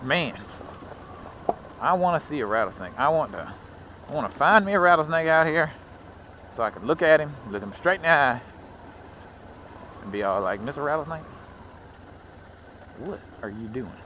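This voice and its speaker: A man's voice: fairly high pitch, sing-song, moderate pace, long pauses, background noise. A man from Louisiana with a Southern accent, rambling casually while riding a motorcycle. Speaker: motovlogger.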